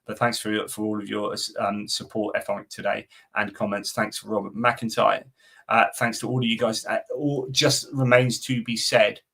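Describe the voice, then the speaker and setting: A man's voice: on the low side, flat delivery, moderate pace, vocal fry, a bit bright, slightly rough. A middle-aged man hosting a live stream, chatting casually and answering viewer comments, with lots of fillers and restarts. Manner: rambling, many fillers and restarts.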